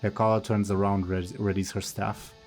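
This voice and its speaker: A man narrating a tabletop game as game master, explaining rules step by step in a measured way. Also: on the low side, flat delivery, a little mellow, faint music behind.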